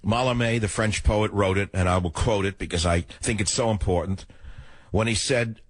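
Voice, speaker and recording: A man's voice: normal speed, no echo. An older man hosting a talk radio show, emotional and emphatic, in a studio. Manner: emphatic, emotional, swings between loud and low. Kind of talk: political talk radio monologue. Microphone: studio microphone.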